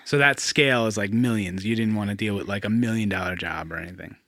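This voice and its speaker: A man hosting a podcast, welcoming a longtime friend and asking relaxed, friendly questions. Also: on the low side, fast talker, no room sound, studio quality. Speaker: podcast host. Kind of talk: casual interview.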